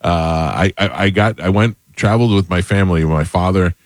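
Very deep-voiced male podcast host. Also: normal speed, no room sound. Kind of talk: casual podcast chat.

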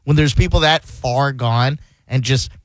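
A man's voice: medium pitch, a little slow, dry recording. A man chatting casually as a podcast co-host who laughs often while telling stories. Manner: laughs often, playful storytelling. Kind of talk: casual chat.

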